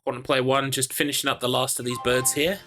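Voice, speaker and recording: A man's voice: mid-range voice, level tone, fast, fairly bright tone, faint music behind. A man hosting a livestreamed game race, commentating in a dry, joking way and laughing often.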